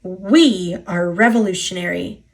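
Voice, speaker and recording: A woman's voice: on the low side, a little slow. A woman with an American accent voicing a smug, oily-voiced male diesel engine in a storybook reading. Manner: smooth purring, conceited.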